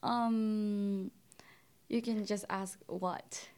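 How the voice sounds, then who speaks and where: Young woman, mid pitch, hesitant casual co-host. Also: steady tone, very slow, clean tone. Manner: soft-spoken, hesitant, many likes and fillers. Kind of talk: casual bilingual chat.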